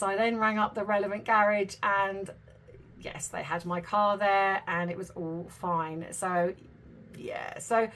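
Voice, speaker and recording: A woman's voice: medium pitch, fairly bright tone. A middle-aged woman, chatting to her viewers in a casual, self-deprecating vlog. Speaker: YouTube commentary host.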